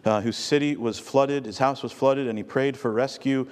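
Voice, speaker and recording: A man's voice: mid-range voice, fairly even intonation, moderate pace, darkish tone. A man pastor delivering a sermon in a conversational, storytelling way to a congregation. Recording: long hall reverb.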